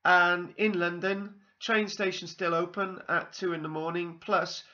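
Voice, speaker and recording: A Welsh man tells a wandering story to camera, stopping often for ums and side remarks. His voice is bright and sits a little high. The recording sounds dull and lo-fi. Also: flat delivery, unhurried. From South Wales. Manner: meandering, full of ums and asides. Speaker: vlogger. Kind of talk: rambling personal anecdote.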